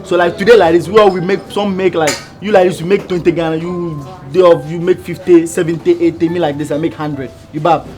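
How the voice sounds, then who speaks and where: A man's voice: fairly high pitch, steady tone, brisk, hardly any pauses, darkish tone, faint music behind, natural voice. A man speaking plays a scheming worker who has travelled from far away. He rambles and repeats himself as he tries to persuade others.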